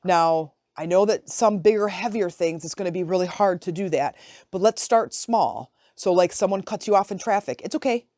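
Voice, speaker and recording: A woman's voice: lowish voice, normal speed, darkish tone, no echo, clean studio sound. A woman in her forties, a podcast host, talking in a chatty, reflective way and often checking in with her listener. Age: 40s. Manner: chatty and conversational, often asking "right?". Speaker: podcast host, life coach. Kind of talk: casual reflective podcast monologue.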